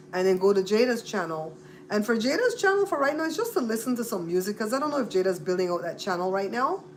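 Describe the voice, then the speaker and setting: A mid-range female voice with a Belizean accent, heard with slight background noise. She's hosting a casual livestream, chatting with viewers while repeating and spelling out their names.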